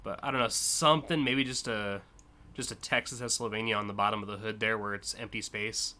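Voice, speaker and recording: A man's voice: fairly low pitch, fairly even intonation, fairly quick, pushed and bright. A man streaming live, casually and enthusiastically judging car designs, with frequent fillers and swearing.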